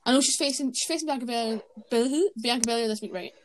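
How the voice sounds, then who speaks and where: A woman's voice: on the high side, fast talker. Chatty opinionated woman podcast co-host. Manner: chatty, opinionated, rambling with self-corrections. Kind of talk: casual wrestling review chat.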